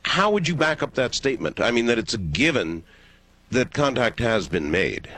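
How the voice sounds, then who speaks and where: A man's voice: mid-range voice, very animated, moderate pace, bright, forceful tone, dry recording. A male radio host with a mid-range voice puts brief, probing questions to his guest. He keeps the exchange moving with short interjections and follow-ups.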